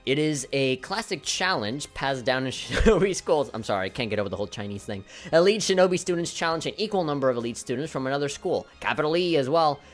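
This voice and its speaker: A man's voice: mid-range voice, animated, fast, few pauses, soft background music. A man commentating a video game as its host and reading its text aloud, breaking into giggly, apologetic laughing fits. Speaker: let's play host.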